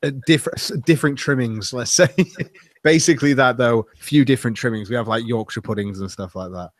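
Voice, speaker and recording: A man's voice: mid-range voice, a little fast, no echo, studio quality. A man chatting in an easygoing way on a live stream. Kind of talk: casual live-stream chat.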